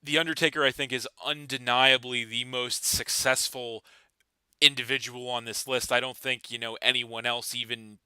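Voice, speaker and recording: A man's voice: medium pitch, level tone, moderate pace, pushed and bright, clean tone, no room sound. A man hosting a podcast, chatting casually with lots of fillers and restarts. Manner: rambling, many fillers and restarts. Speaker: podcast host.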